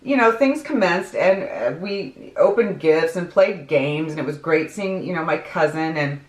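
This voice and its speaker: A woman's voice: on the low side, moderate pace, roomy sound. A middle-aged woman vlogger telling a long personal story in a casual, rambling way, laughing often and using lots of fillers. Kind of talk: casual storytelling while getting ready.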